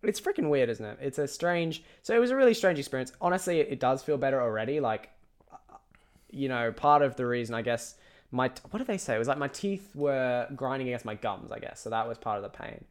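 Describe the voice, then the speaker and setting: A young man who talks fast and easily on a casual podcast. He laughs often and swears freely as he tells the story. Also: mid-range voice, lively intonation. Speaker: podcast co-host. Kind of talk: casual chat.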